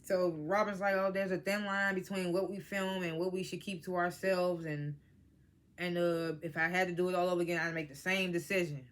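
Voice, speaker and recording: A vlogger with a medium-pitched voice speaks fairly quickly in a casual, blunt spoken review of a reality TV episode. Animated and swearing freely, they act out and quote what the cast members said.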